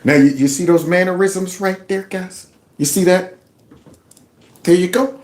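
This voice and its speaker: A man's voice: sits high, unhurried, a little mellow, slight background noise. A man hosting a casual opinion commentary show, emphatic and given to repeating his phrases. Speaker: commentary channel host.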